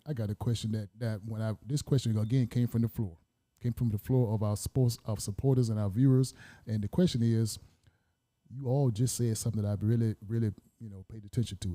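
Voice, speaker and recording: Fast-talking man host, dark tone. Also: medium pitch. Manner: fast, repetitive, folksy questioning. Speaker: talk show host. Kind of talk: live talk show interview.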